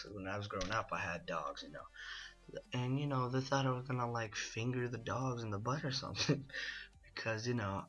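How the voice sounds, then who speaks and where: A man's voice: medium pitch, fairly quick, a bit bright, faint music behind. A young man telling a long, rambling personal story in a casual way, packed with "you know" and "like", as the host of a gaming video. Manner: rambling, full of "you know" and "like", laughs at his own story. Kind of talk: casual storytelling over gameplay.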